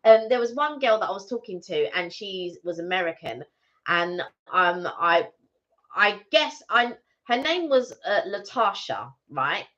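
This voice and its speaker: A woman's voice: mid-range voice, sing-song, measured pace, fairly bright tone. A woman co-hosting a casual live stream, telling rambling stories with lots of restarts. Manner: chatty, rambling storyteller with many restarts. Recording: slightly muffled lo-fi stream audio.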